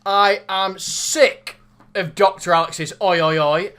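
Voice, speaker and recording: A man's voice: sits high, fairly even intonation, slow pace, sharp tone, clean tone. A young man co-hosting a casual sports podcast, ranting in mock exasperation and joking with his co-host.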